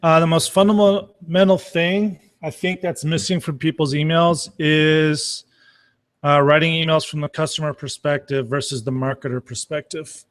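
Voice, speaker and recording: A man's voice: fairly high pitch, fairly even intonation, normal speed. A middle-aged man giving a blunt, casual Q&A talk as a marketing coach, swearing freely. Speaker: marketing coach answering questions.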